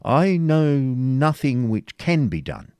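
A man's voice: medium pitch, very animated, slow pace, darkish tone, smooth, no echo, pitched above the performer's own voice. A man voicing a calculating royal counsellor in an audiobook reading, speaking in formal old-fashioned phrasing. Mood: urgent, persuasive. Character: scheming adult male royal counsellor, cool and calculating.

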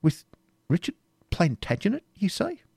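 A man's voice: mid-range voice, big pitch swings, normal speed, a little mellow, dry recording, voice pushed up, natural voice. A man voicing a calculating royal counsellor in an audiobook reading, speaking in formal old-fashioned phrasing. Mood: alarmed. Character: scheming adult male royal counsellor, cool and calculating.

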